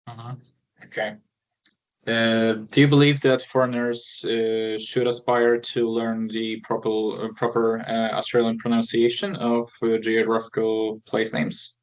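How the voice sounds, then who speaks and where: Interviewer, man with a flat, even delivery and careful questions. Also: mid-range voice. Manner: measured questions with fillers. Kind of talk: conversational interview.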